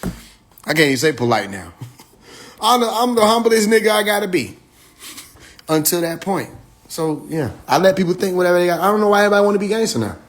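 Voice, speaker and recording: A man talking casually to his viewers on a phone livestream, excitable, laughing often and swearing freely. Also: sits high, a little fast, long pauses. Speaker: livestream host.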